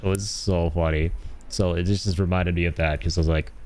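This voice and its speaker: A man's voice: low voice, steady tone, a little fast, a little mellow. A young man with a North American accent, telling stories in a casual chat while streaming a game, laughing often and trailing off with fillers. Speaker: livestreamer.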